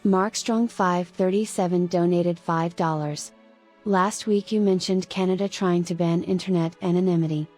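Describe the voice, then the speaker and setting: A woman co-host reading viewer donation messages aloud in a plain, even way. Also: on the low side, moderate pace, soft background music.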